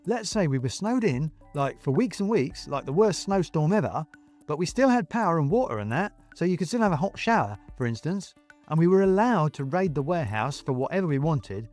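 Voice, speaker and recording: A man's voice: a little high, very animated, fairly quick, a little mellow, soft background music, pitched above the performer's own voice. A man voicing a polite young warehouse packer who reasons patiently.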